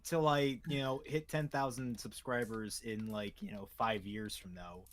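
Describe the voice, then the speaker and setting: A man's voice: fairly low pitch, fairly even intonation, unhurried, a little hiss or hum. A man co-hosting a casual online show, rambling through old stories. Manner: rambling storyteller, trails off with laughs. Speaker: podcast co-host. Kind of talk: casual chat.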